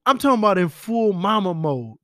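A man telling stories about a late friend in a casual, animated way, with slang and whispered asides. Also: high-pitched, fairly quick, no echo, clean studio sound. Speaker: friend giving a spoken tribute. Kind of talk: casual storytelling.

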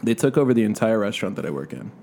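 A man's voice: on the low side, sing-song, very fast, dark tone, slight background noise. A man from Southern California telling a rambling, profanity-laced story in a casual podcast chat.

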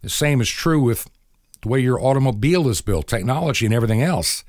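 A man's voice: mid-range voice, lively intonation, quick pace, darkish tone, dry recording, studio quality. A middle-aged man hosting a radio program, delivering an earnest, moralizing monologue and acting out bits of conversation. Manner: earnest, moralizing, acts out dialogue in quotes. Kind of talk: preaching talk-show monologue.

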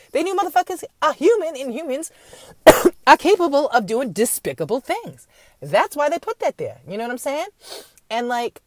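A woman in mid-range pitch, rambling through a late-night rant, swearing freely and swinging her voice up and down with lively energy. The sound is close and dry, with no room ring. She talks like a podcast host thinking out loud, dropping wry asides and mocking impressions. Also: dry recording. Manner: acts out others in mocking voices.

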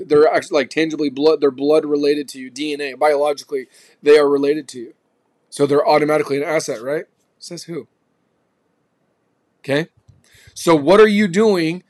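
Podcast host, male, higher-pitched, slangy and forceful, a motivational speaker. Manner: emphatic, slangy, punchy. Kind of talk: motivational talk.

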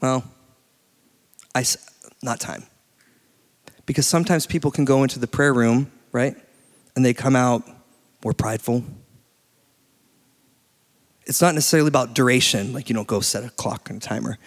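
A man in his late thirties preaching a sermon in a church, telling stories with lively energy and laughing often. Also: mid-range voice, moderate pace, long pauses. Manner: animated storytelling, laughs often. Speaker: pastor. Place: church hall. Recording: long hall reverb.

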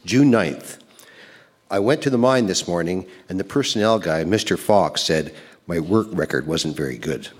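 Older man reading letters, low voice. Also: expressive, normal speed. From Canada. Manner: playful, self-mocking, chuckling at his own lines. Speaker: storyteller reading old love letters. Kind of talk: reading letters aloud on stage. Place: live event centre stage.

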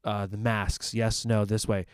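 Guy from a church chatting about faith, kinda low voice, dry close sound, lots of um and restarts. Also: level tone, a little slow, clean tone, no echo. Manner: conversational, thinks aloud with fillers and restarts. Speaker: church minister. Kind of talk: casual faith discussion.

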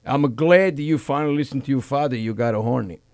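A man voicing his elderly immigrant father, who talks in slow, broken English with an Italian accent. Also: medium pitch, darkish tone, a little hiss or hum, voice pushed down, lightly acted. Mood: deadpan.

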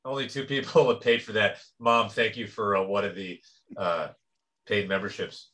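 A man co-hosting a podcast, trading crude jokes in a deadpan, casual way. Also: fairly low pitch, moderate pace. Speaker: podcast co-host. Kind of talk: casual comedy banter.

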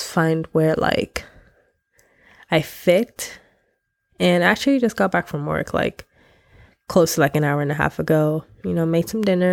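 Nasal young woman podcaster, gravelly. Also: lowish voice, a little mellow, no echo. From Nigeria. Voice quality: nasal, congested. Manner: chatty, candid, slangy, laughs often. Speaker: podcast host. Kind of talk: casual solo podcast chat.

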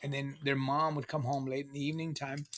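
A man's voice: mid-range voice, little pitch movement, fast talker, a bit bright. A middle-aged man casually telling a long personal story, profane and emphatic, looping back with restarts and fillers. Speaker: guest sharing his recovery story.

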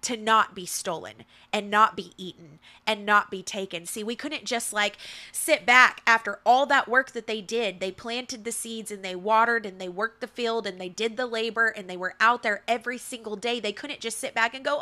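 Bright-voiced woman giving a faith talk. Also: fairly high pitch, normal speed. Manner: emphatic and repetitive, preacherly. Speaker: podcast host. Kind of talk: faith-based motivational talk.

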